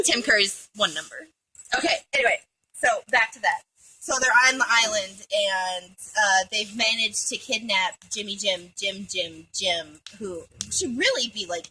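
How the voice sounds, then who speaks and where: Bright, husky-voiced woman rambling through a recap. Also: medium pitch, expressive, normal speed, low-quality recording. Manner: rambling, profane, giggly, jumps between asides. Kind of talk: casual movie recap.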